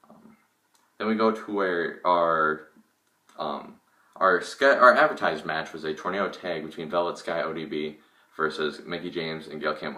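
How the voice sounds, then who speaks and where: Deep-voiced man rambling through a review. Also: pushed and bright, far from the mic. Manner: rambling, opinionated, frequent fillers and restarts. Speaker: wrestling reviewer. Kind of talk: casual spoken review. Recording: echoey room, voice from off the mic.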